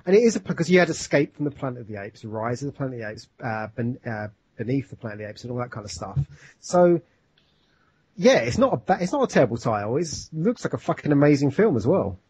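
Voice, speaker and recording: A man's voice: medium pitch, sing-song, quick pace, darkish tone, slightly rough. A man, co-hosting a film podcast, talking casually and enthusiastically, with swearing and rambling asides. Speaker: podcast co-host. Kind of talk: casual chat.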